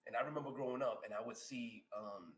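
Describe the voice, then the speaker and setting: Middle-aged man, bright voice, emphatic, repeats himself, echoey room. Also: mid-range voice, fast talker. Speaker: podcast co-host. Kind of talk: casual chat.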